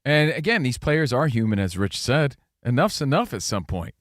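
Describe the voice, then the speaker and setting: A man's voice: moderate pace, no echo, clean studio sound. A middle-aged man co-hosting a sports radio show, bantering and reading show plugs. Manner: promo-style plugs, expressive pitch swings. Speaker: co-host.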